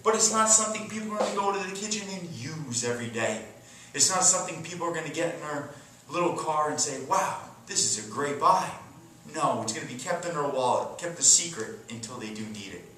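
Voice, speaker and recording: A man's voice: high voice, sharp tone, distant mic, slight background noise. A man giving a sales training talk, emphatic, swinging his tone and volume up and down for effect. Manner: emphatic, dramatic shifts in tone and volume. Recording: very echoey room, voice from off mic.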